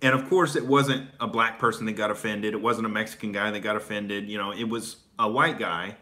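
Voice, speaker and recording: A man's voice: lowish voice, steady tone, a little fast, sharp tone. A stand-up comedian from Oklahoma chatting casually and profanely, laughing between his stories. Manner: loose and profane, laughs between thoughts, filler-heavy. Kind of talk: casual chat.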